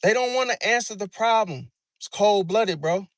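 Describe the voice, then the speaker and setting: A man's voice: high-pitched, normal speed, fairly bright tone, no echo. Slangy man riffing, close dry mic. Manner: slangy, repetitive, addresses listener as bro. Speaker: astrology commentator. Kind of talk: casual monologue.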